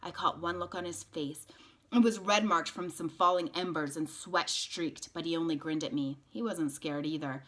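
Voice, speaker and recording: A woman reading a novel aloud to a group of students, with quiet, steady narration. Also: deep voice, moderate pace.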